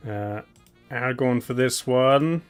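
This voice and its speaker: A man talks unhurriedly in a middle-pitched voice while hosting a live stream. He stays relaxed and chatty, chuckles now and then and hums to fill the pauses. Soft music plays faintly behind him, along with keyboard clicks. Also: smooth. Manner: laid-back, chuckling, hums idly while waiting. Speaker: streamer host. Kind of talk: casual live-stream commentary.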